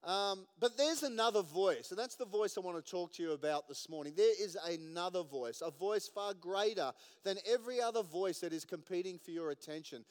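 A man's voice: high voice, lively intonation, moderate pace, smooth. A man preaching a sermon as pastor, joking and laughing at his own jokes. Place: church hall. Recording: long hall reverb.

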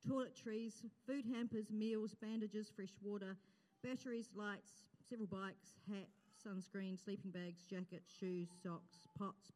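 A woman's voice: mid-range voice, fairly even intonation, measured pace, mellow. A woman leading church outreach, talking to a congregation in a chatty, grateful way with fillers and laughs. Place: church auditorium. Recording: long reverb in a large hall.

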